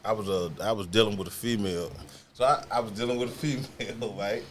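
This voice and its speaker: Podcast guest, man, Washington DC accent, lively storyteller who does the voices. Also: on the low side, quick pace, a little hiss or hum. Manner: animated storyteller, acts out quoted voices, laughs often. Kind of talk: casual storytelling.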